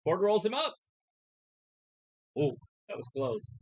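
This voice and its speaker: A woman's voice: mid-range voice, very animated, husky, no room sound. A woman co-hosting a live stream, calling the wrestling moves as they happen and cracking crude jokes. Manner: quick reactive calls, crude jokes. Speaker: co-host calling the wrestling action. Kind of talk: casual play-by-play on a live stream.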